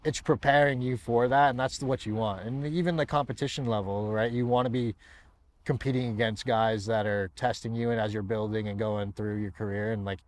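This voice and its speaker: A young American man from San Diego, a guest fighter, chatting casually and telling animated stories with frequent laughs. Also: on the low side, a little fast. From San Diego, USA. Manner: laughs often, animated storytelling with many fillers. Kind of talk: casual chat.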